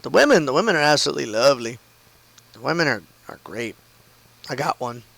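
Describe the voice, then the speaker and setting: A man's voice: mid-range voice, very animated, fast talker, gravelly, a bit bright, dry recording, poor audio. A man streaming a game from home and telling a long story in a casual, rambling way, full of "like" and "I mean" and loose swearing.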